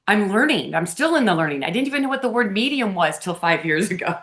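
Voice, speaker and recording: A woman's voice: mid-range voice, sing-song, quick pace. Earnest woman telling heartfelt stories. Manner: earnest, heartfelt, often softening into a hushed tone. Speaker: podcast guest. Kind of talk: conversational storytelling.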